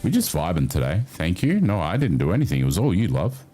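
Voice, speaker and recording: A man's voice: fast, soft background music. A man hosting a livestream, chatting casually with his viewers and swearing freely. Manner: animated, chatty, swears freely, jumps up in pitch. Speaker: livestream host. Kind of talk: casual chat with stream viewers.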